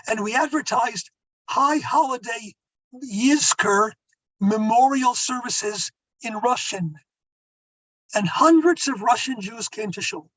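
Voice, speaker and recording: Older rabbi telling stories, dry close sound. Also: male voice, sits high, a bit bright, no room sound, low-quality recording. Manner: anecdotal, conversational, asides to the audience. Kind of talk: storytelling talk.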